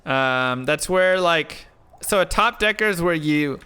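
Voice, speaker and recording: Bright-voiced male streamer telling a story. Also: on the high side, unhurried, clear, resonant tone. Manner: rambling, filler-heavy, animated retelling. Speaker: live streamer. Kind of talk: casual storytelling while gaming.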